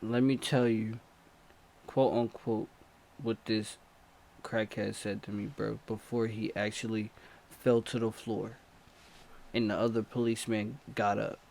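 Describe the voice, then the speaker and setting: A young man telling a story in a casual vlog, animated and slangy, swinging from low mutters to excited outbursts. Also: measured pace, creaky, pauses often. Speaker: storytime vlogger.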